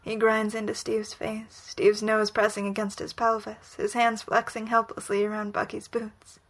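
A woman reading a romantic story aloud in whispered role-play, soft, breathy and unhurried. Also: mid-range voice, completely flat delivery. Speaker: reader.

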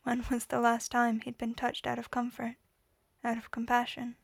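A woman reading a story aloud in a quiet, measured voice, whispering the dialogue. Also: fairly high pitch, completely flat delivery, gravelly, dry recording, clean studio sound. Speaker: reader. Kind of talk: audiobook reading of fan fiction.

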